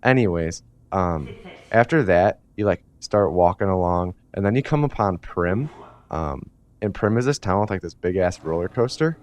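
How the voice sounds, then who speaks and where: A man's voice: low-pitched, animated, normal speed. A man giving a rambling, comedic retelling from memory, full of fillers and casual swearing. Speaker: storyteller. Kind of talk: rambling comedic recap of a video game from memory.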